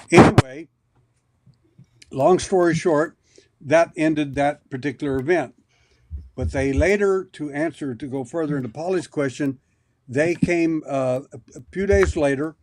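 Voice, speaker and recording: A man's voice: a little high, a little slow, long pauses, a little mellow. A man as a podcast guest, telling a long personal story in a rambling, anecdotal way, often restarting his sentences. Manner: rambling, anecdotal, with many repeated starts. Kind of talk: storytelling in an interview.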